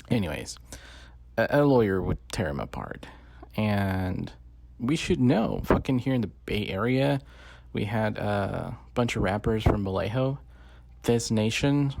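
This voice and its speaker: A man's voice: on the low side, slow pace, vocal fry, pauses often, darkish tone, no room sound. A man giving casual, rambling commentary full of swearing and fillers. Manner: profane, rambling, many fillers. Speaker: podcast host. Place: lives in the Bay Area.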